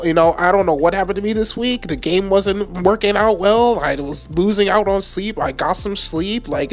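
A man giving live gameplay commentary at home late at night, trash-talking opponents and swearing a lot, with sudden high-pitched yells. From United States. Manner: excitable trash talk with frequent swearing. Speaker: gaming channel host.

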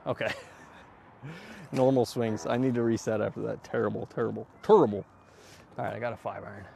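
Excitable man at a noisy driving range. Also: mid-range voice, brisk, gravelly. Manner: excitable, swears, self-mocking, loud outbursts. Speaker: golf vlogger. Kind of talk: casual range-session chat to viewers.

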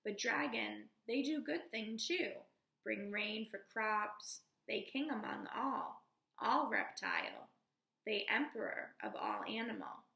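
A woman reading aloud voices an earnest young boy who speaks in halting, broken English and struggles to find his words. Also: fairly high pitch, gravelly, bright, forceful tone, reverberant, heavily acted, rough recording.

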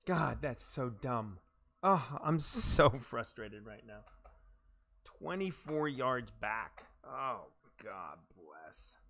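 A man streaming live gameplay, talking through each move at an unhurried pace. His voice is bright and forceful. He reacts aloud, curses when a shot goes wrong, mocks himself and answers his viewers. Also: medium pitch, animated, vocal fry. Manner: reacts aloud to his own shots, frustrated and self-mocking, swears, chats to viewers.

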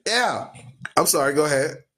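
A man hosting a radio talk show who preaches loudly and emphatically, asking listeners "right?" and driving points home with rhythmic repetition. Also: on the high side, lively intonation, moderate pace. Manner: asks listeners questions with "right?".

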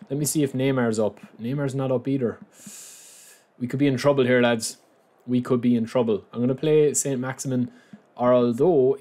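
Excitable lad commentating gameplay. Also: male voice, mid-range voice. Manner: excitable, reacting loudly to plays. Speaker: gaming YouTuber.

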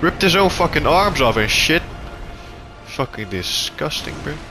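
A man giving profane gameplay commentary, taunting enemies and shouting in frustration. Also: on the high side, sing-song, unhurried, music in the background. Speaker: gaming YouTuber.

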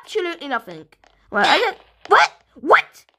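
A British woman giving rambling, excitable let's-play commentary as a gaming YouTuber, talking to her viewers. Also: very high-pitched, normal speed, slight background noise.

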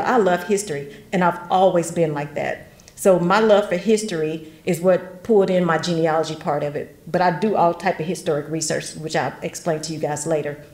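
Middle-aged woman with a slightly low voice, animated storyteller leading a workshop, recorded in an echoey room. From West Tennessee. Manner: animated, laughs often, folksy asides. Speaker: genealogy workshop speaker. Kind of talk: chatty storytelling talk. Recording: roomy echo.

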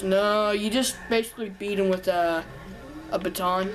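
Over music, a gameplay commentator, a young woman, chatters and rambles as she plays, joking to herself and breaking into hums and bits of song. Her voice is mid-range and moves at a moderate pace.

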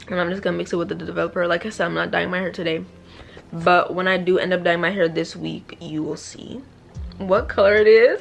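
A woman's voice: fairly low pitch, fairly quick, vocal fry, faint music behind. Chatty young woman vlogging at home. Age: young adult. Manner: chatty, playful and self-deprecating. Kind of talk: casual vlog chat. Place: at home indoors.

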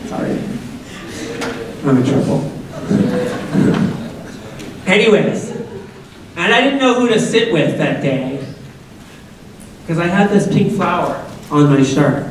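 A middle-aged man speaks to a school assembly, telling a personal story in a chatty way and putting questions to the crowd. His slightly higher voice bounces around a big, very echoey hall. He is picked up from well off the mic, with faint ambience behind him. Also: expressive, slow, pauses often, recorded from a distance, a little hiss or hum. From Massachusetts, USA. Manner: conversational, asks audience questions, jokey asides.

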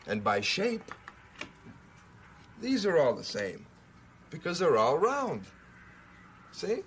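Patient, lively-toned man teaching kids. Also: a little high, slow pace, a little hiss or hum. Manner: patient, coaxing, asks questions. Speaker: children's show presenter. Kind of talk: teaching a young viewer.

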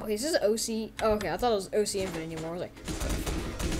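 A woman giving excited, giggly commentary on gameplay as host of her own video, breaking into silly character voices. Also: medium pitch, fast, pauses often, very noisy.

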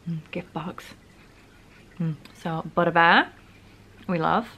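Filming a gift haul on a stand-mounted camera in her home, a young Northern English vlogger chats easily, gushing and giggling at times. She speaks slowly in a lowish, fairly bright voice, and the audio sounds dull.

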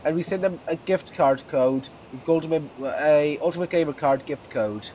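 A man's voice: a little high, moderate pace, warm tone. A young man hosting a casual gaming video, talking in a rambling, playful way. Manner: rambling, playful, puts on voices. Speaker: gamer host. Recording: dull lo-fi with faint noise.

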